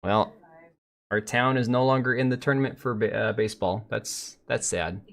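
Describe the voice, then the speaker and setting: A man's voice: mid-range voice, steady tone, brisk, a bit bright. A middle-aged man hosting a live stream, rambling bluntly with profanity as he reads and answers chat.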